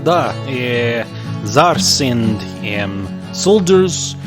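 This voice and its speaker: A man's voice: medium pitch, very animated, drawn-out words, music in the background. A man voicing an older male Russian inventor in a tabletop game, with a put-on Russian accent and broken English. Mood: boastful. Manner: loud and emphatic, broken English.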